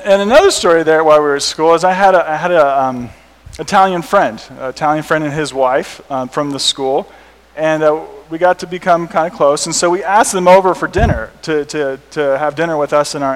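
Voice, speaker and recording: American missionary guy telling funny stories, slightly high voice, long echo in a big hall. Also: normal speed. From United States. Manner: animated, laughing at his own stories. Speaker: missionary speaker. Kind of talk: storytelling talk to an audience. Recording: reverberant hall.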